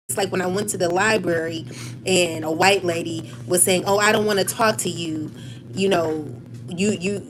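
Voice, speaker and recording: A woman's voice: mid-range voice, poor audio. A woman, venting angrily to camera in a profane personal rant full of repeated phrases and restarts. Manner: heated, profane and repetitive, with many restarts. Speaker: vlogger.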